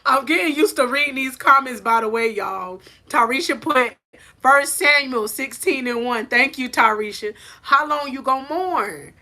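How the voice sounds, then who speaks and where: A woman with a bright, sharp voice preaches encouragement on a live stream from a phone. She is animated and fervent, and she speaks at a fairly high pitch. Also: normal speed. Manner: preachy and animated, laughs and rises to near shouting. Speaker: life coach. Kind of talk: motivational faith talk on a live stream.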